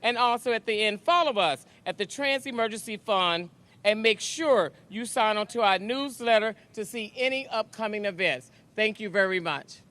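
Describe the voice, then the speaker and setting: Guy from a nonprofit listing ways to help, high bright voice. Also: moderate pace. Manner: steady, listing calls to action. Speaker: nonprofit representative. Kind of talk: read-out announcement speech.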